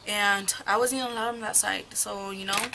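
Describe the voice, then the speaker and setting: Speaking briskly with vocal fry and a steady, medium-pitched tone, a young adult woman does a get-ready-with-me storytime over background noise. She's a beauty vlogger at home, doing her makeup while chatting through a rambling, profane tale full of gossip.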